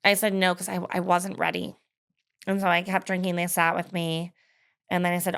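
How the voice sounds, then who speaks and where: A woman's voice: on the low side, flat delivery, moderate pace, creaky, a bit bright, smooth. A woman in her thirties telling her personal story in an interview, candid and hesitant, with frequent fillers and laughs. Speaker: guest.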